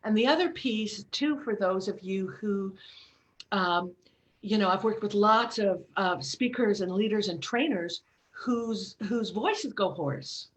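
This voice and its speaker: A middle-aged woman voice coach speaks in a mid-range voice at a measured pace. Her casual, expressive chat includes vocal demos, and she encourages her listeners as she demonstrates sounds.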